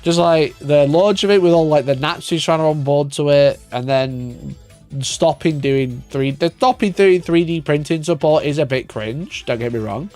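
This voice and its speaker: On a casual livestream, a wargaming YouTuber reacts to a video with an exasperated, sarcastic rant full of swearing and self-directed laughter. His slightly high voice has a darkish tone and normal speed, with faint music behind it.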